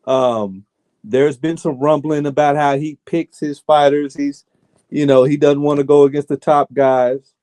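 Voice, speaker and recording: A man co-hosts a casual sports chat, hammering his points home by repeating them. His voice is a little higher than most men's and has a mellow, dark tone. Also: fairly even intonation, measured pace, dry recording. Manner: emphatic, repeats himself for weight. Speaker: podcast co-host.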